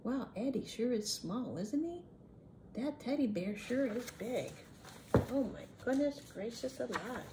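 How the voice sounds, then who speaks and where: A woman reads a picture book aloud to young children, pausing to ask them questions and talk about the story. Her voice sits high and swoops animatedly up and down. She takes her time, speaking slowly over a faint background hum. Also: expressive, dark tone. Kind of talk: children's read-aloud with chatty commentary.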